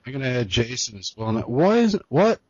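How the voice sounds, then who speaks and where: A laid-back man runs a casual podcast call, swearing as he chats, with a lively rise and fall in his voice. The sound is dry and dull, like a cheap computer mic on a call. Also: medium pitch, fairly quick, breathy edge, dry recording. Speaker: podcast host. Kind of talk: casual drunken chat.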